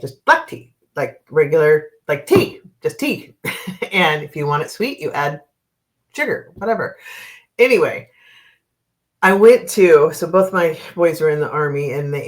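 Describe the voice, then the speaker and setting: A middle-aged woman from Oregon, a card and dowsing reader, chatting casually on a livestream in a rambling way and laughing often. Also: low voice. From Oregon, US West Coast.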